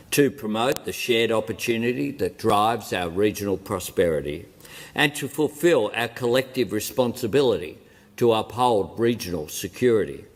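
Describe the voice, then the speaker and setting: A man with an Australian accent delivering a formal state speech to parliament in a measured, deliberate way, phrase by phrase. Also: medium pitch. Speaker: head of government addressing parliament. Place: parliament chamber. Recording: long reverb of a large chamber.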